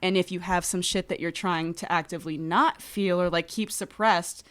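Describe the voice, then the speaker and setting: A woman's voice: on the low side, steady tone, normal speed, fairly bright tone. A woman guest on a podcast, chatting casually and candidly, swearing freely and acting out quoted voices.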